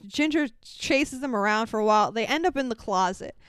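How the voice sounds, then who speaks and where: A woman co-hosting a casual podcast, recapping a movie in an animated way, swearing freely and acting out lines. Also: fairly high pitch, brisk, smooth, no room sound. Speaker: podcast co-host.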